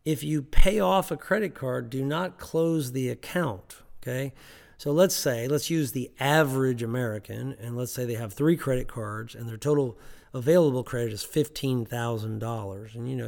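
A man's voice: mid-range voice, vocal fry, a little mellow, in a large hall. A man giving financial advice on a podcast, emphatic and repetitive, often checking in with "okay?".

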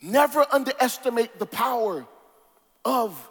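A male preacher with a strikingly high voice delivers a sermon in a rhythmic, sing-song cadence. He drops to a near hush, then rises to a shout, and draws out key words with long pauses. His voice rings with a long hall reverb. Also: animated, husky.

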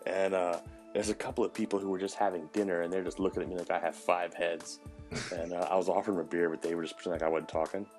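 Deep-voiced man telling rowdy stories. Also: fast talker, soft background music. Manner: animated storyteller, swears, acts out voices. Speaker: podcast host and chef. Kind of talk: casual storytelling chat.

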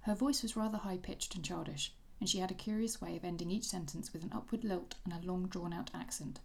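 A woman co-hosts a casual book podcast, wry and chatty, sometimes reading passages aloud. Her voice sits lowish with a steady gravelly texture. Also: a little fast. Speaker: podcast co-host.

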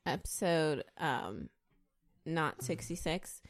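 Slow-talking playful woman host. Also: low voice, expressive. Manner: playful, drawling, laughs between lines. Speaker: podcast host. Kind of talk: casual podcast banter.

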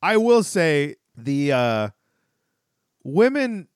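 Male podcast co-host, smooth clear voice, dry close sound, loose rambling recap delivery. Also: fairly high pitch, very animated, drawn-out words, dry recording. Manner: rambling, many restarts, laughing asides. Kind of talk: casual chat recapping a sitcom.

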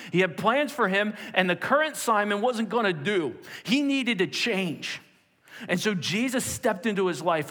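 A man preaching with a lively, swooping delivery, his pitch a bit higher than most men's. His voice rings with the long reverb of a large hall. He acts out the quotes of the people he tells about with a lot of energy. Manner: animated, acting out quotes in a raised voice. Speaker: pastor. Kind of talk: sermon. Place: church sanctuary, nearly empty.

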